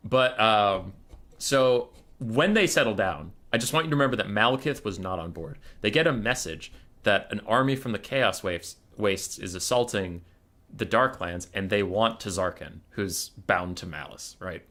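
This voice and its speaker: A man streaming and casually retelling a story to his chat, animated, exasperated and swearing freely. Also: on the low side, normal speed.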